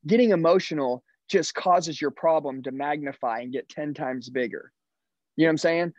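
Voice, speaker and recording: A man coaching salespeople in an emphatic, punchy way, pressing each point home with a quick "okay?". His voice sits fairly high. The sound is dry and a little dull. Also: a little mellow, no room sound. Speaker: sales trainer. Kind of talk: motivational sales talk.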